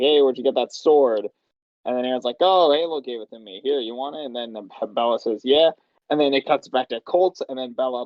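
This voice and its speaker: A machinima director and writer leads a voice session in a casual chat, rambling and laughing while explaining the scenes. His voice is medium-pitched, and the recording sounds dry and muffled.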